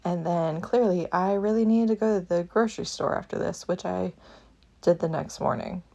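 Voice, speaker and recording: A woman casually vlogging at home, gushing excitedly and laughing often while unboxing a gift. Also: lowish voice, normal speed, vocal fry. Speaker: book vlogger. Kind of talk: casual day-in-the-life vlog. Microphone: camera at an odd angle without tripod.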